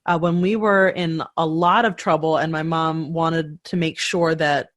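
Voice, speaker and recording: A woman's voice: deep voice, steady tone, measured pace, no room sound, clean studio sound. A woman hosting a podcast interview who shares anecdotes and asks curious follow-up questions. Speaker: podcast host. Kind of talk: casual interview chat.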